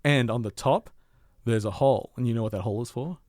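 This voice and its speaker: Man, podcast co-host, mid-pitched voice, enthusiastic and chatty, game review read aloud, radio studio. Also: quick pace, a little mellow, no room sound. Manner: enthusiastic, chatty, laughs easily. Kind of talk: casual chat, then read-out review.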